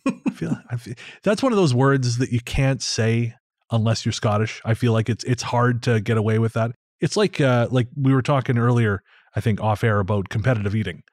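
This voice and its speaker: A man's voice: mid-range voice, fairly quick, darkish tone, no room sound, studio quality. A man with an American accent hosting a podcast, chatting casually and wryly, often restarting his sentences. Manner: rambling, wry, restarts sentences. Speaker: podcast host.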